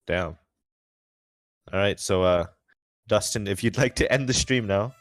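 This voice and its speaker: A man's voice: lowish voice, measured pace, no room sound. A young man commentating a racing livestream and interviewing a driver, in a rambling, joking manner with many fillers and restarts. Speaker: race commentator and post-race interviewer.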